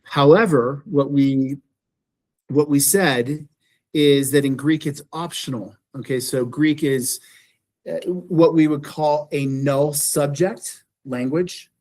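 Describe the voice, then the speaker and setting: A man's voice: on the high side, slow pace, darkish tone. A man teaching a beginning Greek class, explaining patiently and often repeating phrases and asking "right?". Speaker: Greek instructor. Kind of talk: classroom lecture.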